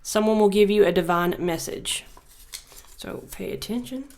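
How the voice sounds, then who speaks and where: Gravelly-voiced woman reading tarot. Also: mid-range voice, normal speed, a little mellow. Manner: reads card messages aloud, muses and jokes between them. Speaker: tarot reader.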